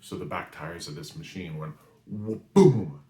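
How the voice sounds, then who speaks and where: A man's voice: very deep voice, normal speed. A man in his forties from New England tells a story in a monologue, often checking in with the listener. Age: 40s. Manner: animated storyteller who often asks "right?". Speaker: spiritual reader and weekly message host. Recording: roomy echo.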